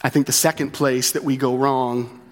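A man in the pulpit preaching to his church in a middle-range voice. He talks casually and directly, often checking in with a quick question. He repeats his main points for emphasis. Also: mid-range voice, little pitch movement. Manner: conversational, with frequent tag questions; repeats key phrases for emphasis. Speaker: pastor. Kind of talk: sermon.

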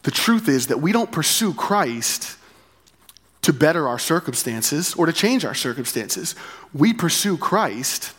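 A man's voice: a little high, sing-song, a little slow, a bit bright, slightly rough. A man preaching a sermon as pastor, talking in a conversational way, repeating key phrases and often asking "right?". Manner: conversational, with frequent tag questions.

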